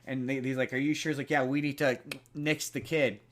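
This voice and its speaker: A man's voice: medium pitch, level tone, fairly quick, fairly bright tone. A young man co-hosting a podcast, casually retelling a movie plot with lots of fillers and restarts. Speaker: podcast co-host. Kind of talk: casual chat.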